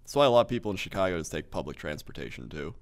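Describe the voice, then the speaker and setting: A man's voice: sits low, sing-song, rapid-fire, gravelly. A man co-hosting a casual podcast, reading a ranked list aloud and joking, often laughing and slipping into goofy voices. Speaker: podcast co-host.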